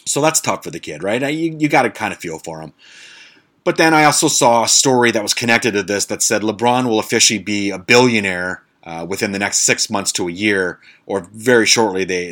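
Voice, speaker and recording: A man's voice: fairly low pitch, fairly bright tone. Blunt, sarcastic podcast guy who swears. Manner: blunt, sarcastic, swears freely, stumbles over fancy words. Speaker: podcast host. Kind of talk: casual monologue podcast.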